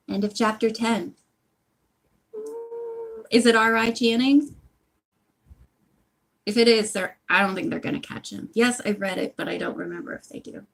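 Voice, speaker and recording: A woman's voice: medium pitch, normal speed, creaky, long pauses. Chatty woman reading a book aloud. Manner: chatty, apologetic asides. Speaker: reader of a book series. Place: home.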